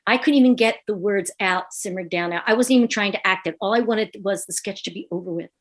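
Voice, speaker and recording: A woman comedian guest telling a lively anecdote in a podcast interview, acting out the people she quotes. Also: medium pitch, quick pace. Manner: animated, acts out quoted voices.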